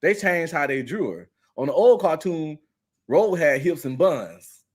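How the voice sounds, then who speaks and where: A man speaks as a guest on a casual podcast, slangy and quick to joke. He laughs often between points. His voice sits a bit higher than most men's. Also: animated. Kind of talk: casual chat.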